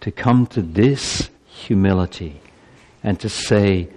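A man preaching a sermon to his congregation. He builds to emphatic peaks, then drops low and slow. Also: a little mellow, big-room sound. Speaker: pastor.

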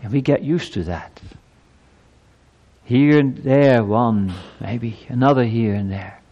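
A man's voice: mid-range voice, slow, dull audio. Earnest male preacher in a reverberant church. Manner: earnest preaching, rising emphasis on scripture quotes, rhetorical questions. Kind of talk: sermon.

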